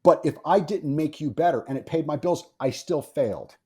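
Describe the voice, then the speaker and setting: A man with a slightly high, darkish voice and a breathy edge talks expressively at a moderate pace as a guest on a podcast. He's a firearms instructor who speaks bluntly, swears often, and says the same things more than once.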